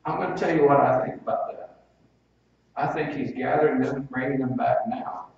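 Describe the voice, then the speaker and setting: A man's voice: mid-range voice, normal speed, creaky, a little mellow, slight background noise. A male preacher delivering a sermon in a folksy, conversational way, with personal stories and asides. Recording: very echoey, distant, dull hall sound.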